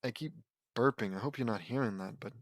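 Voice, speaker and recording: A man's voice: mid-range voice, a little fast, no room sound, clean studio sound. A man reading fan fiction aloud as an audiobook at a home mic, often breaking off into rambling, exasperated asides.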